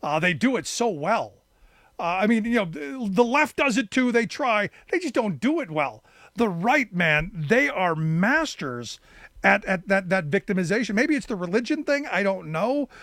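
A talk radio host, a man with a fairly high voice, chats frankly with his guest and often restarts his sentences. The studio sound is dry and close, with no room echo. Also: very animated, normal speed, a bit bright. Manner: conversational, frank, stumbles and restarts. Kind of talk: casual talk radio interview.

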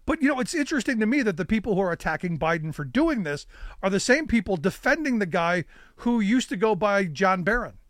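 A man co-hosting a political talk chat, sarcastic and animated, often repeating words as he starts a thought. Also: high-pitched, brisk, no room sound, clean studio sound. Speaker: podcast co-host.

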